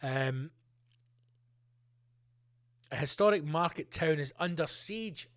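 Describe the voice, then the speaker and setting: A man's voice: on the high side, sing-song, unhurried, long pauses, fairly bright tone. A man hosts a solo podcast with a slightly raised voice. He rants and swears freely, jumping from one tangent to the next. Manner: sweary, ranting, jumps between tangents. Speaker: podcast host.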